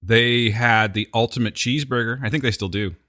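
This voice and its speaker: A man's voice: mid-range voice, fairly even intonation, brisk, bright, forceful tone. A man co-hosting a podcast, bantering in casual chat with dry teasing jokes. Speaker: podcast co-host.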